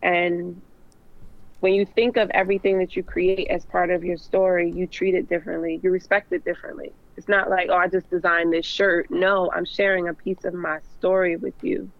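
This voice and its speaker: A woman's voice: fairly low pitch, little pitch movement, moderate pace, vocal fry, dry recording, narrow, tinny audio. A woman fashion designer, a podcast guest joining remotely, talking earnestly with many fillers. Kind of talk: casual interview chat. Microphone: remote call, not in the studio.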